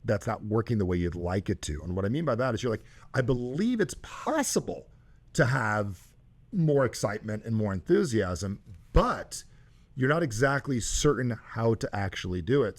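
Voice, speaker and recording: A man hosting a show and coaching a caller, talking emphatically with loud, high bursts. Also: sing-song, normal speed. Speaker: host and coach.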